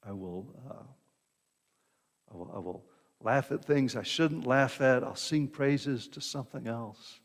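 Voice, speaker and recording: Pastor preaching in a reverberant hall. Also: male voice, mid-range voice, a little slow. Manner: conversational preaching, frequent "right?" asides and repeated words. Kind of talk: sermon.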